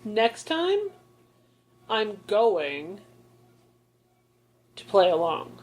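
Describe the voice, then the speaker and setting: A woman's voice: mid-range voice, sing-song, very slow, darkish tone. A woman co-hosting a podcast, telling a story in casual chat with a profane, mocking manner. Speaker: podcast co-host.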